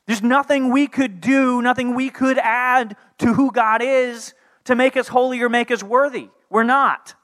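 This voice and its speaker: A man in his thirties preaching a sermon, animated and joking, acting out characters in playful voices. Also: extremely high pitch, unhurried, hardly any pauses. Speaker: pastor.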